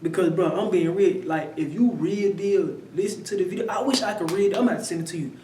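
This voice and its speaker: A man's voice: high-pitched, quick pace, warm tone, echoey room, recorded from a distance, slight background noise, low-quality recording. A man chatting casually as a commentator, telling a story in loose slang and repeating himself. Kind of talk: casual chat.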